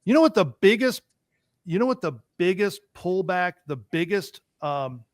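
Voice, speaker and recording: A man hosts a heated political talk show, his voice pitched high and recorded close and dry. He rants with force, stumbles and repeats himself as he presses his point. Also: sing-song, moderate pace, dry recording. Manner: emphatic, ranting, repeats himself.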